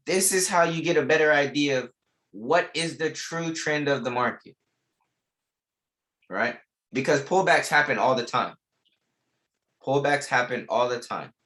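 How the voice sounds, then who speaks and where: A man's voice: fairly high pitch, measured pace, pauses often, a bit bright. A young man teaching a live online trading class, repeating key lines with emphasis and casual slang. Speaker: trading instructor.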